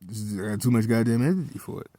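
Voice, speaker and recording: A man's voice: lowish voice, fast talker, dark tone, no room sound. A man telling a personal story in a casual, heated monologue, swearing often and repeating himself as he goes.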